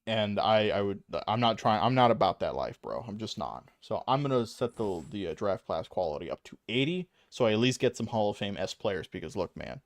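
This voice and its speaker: A man's voice: lowish voice, big pitch swings, brisk, hardly any pauses, dry recording, studio quality. A young adult man streaming a video game, rambling and self-mocking with a lot of swearing and frequent laughs. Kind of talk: casual gaming stream commentary.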